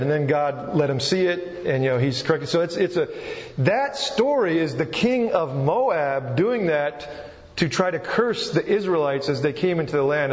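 A man with a slightly high voice preaches a loose, chatty sermon, often stopping and restarting his sentences. His voice rings through a large hall with a long, echoing tail. The sound is dull and muffled. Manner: conversational, rambling with restarts.

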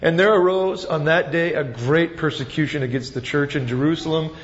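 A man preaching a sermon as pastor, retelling the scene with animated, dramatic storytelling. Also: fairly high pitch, normal speed. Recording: dull sound with long reverb.

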